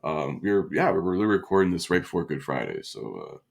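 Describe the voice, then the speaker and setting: A man's voice: low voice, very animated, brisk, vocal fry. A tired man co-hosting a podcast in casual chat, joking and laughing often. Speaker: podcast co-host.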